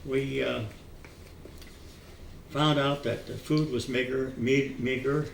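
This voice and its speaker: An older man telling his memories in an oral history interview, halting with many fillers and restarts, chuckling now and then. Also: medium pitch, steady tone, gravelly. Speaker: veteran interviewee. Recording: echoey room, distant mic, faint noise.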